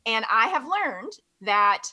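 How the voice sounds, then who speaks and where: A woman's voice: on the high side, sing-song, slow pace, bright, forceful tone. A woman in her thirties chatting as a podcast guest over a video call, upbeat and friendly, laughing easily. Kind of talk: casual podcast chat.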